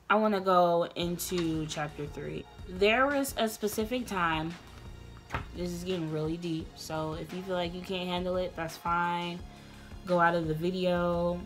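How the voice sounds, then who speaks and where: A young woman vlogger telling a personal story in a candid, rambling way, earnest and emotional, sometimes getting loud and passionate. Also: lowish voice. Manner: loose, rambling, many restarts.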